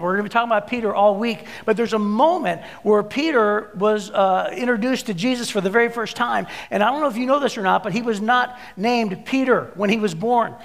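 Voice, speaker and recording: Animated high-voiced man preaching. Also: gravelly. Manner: animated storyteller, acts out his own shouts. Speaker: pastor. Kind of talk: sermon with personal story. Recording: long hall reverb.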